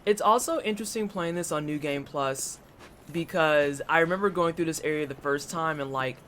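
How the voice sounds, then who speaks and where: A man's voice: a little high, normal speed, a bit bright. A man streaming a game, chatting casually with his chat and reacting aloud as he plays. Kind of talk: casual gameplay commentary. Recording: clear background noise.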